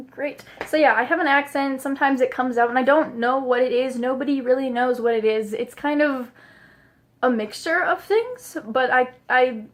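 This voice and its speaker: Rambling young woman vlogger. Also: high-pitched. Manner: rambling, laughs often, swears casually. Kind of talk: casual facts-about-me vlog.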